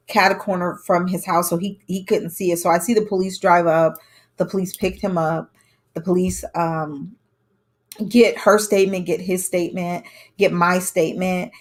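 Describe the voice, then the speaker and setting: A young adult woman telling a personal story to camera in a candid, conversational way, acting out what others said. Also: on the low side. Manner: candid, conversational, with emphatic quoted dialogue. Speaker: vlogger telling her own story.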